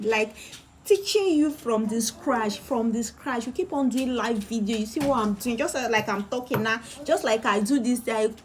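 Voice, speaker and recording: A woman's voice: a little high, a little hiss or hum. A woman, a bag-making instructor giving a live-streamed sewing tutorial, chatty and repeating phrases for emphasis. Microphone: phone or camera on a live video.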